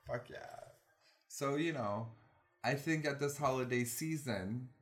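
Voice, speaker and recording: A man co-hosting a podcast, relaxed and easygoing, laughing often. His voice is of middle pitch. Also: measured pace. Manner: laid-back, laughs easily. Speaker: podcast co-host. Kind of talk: casual chat.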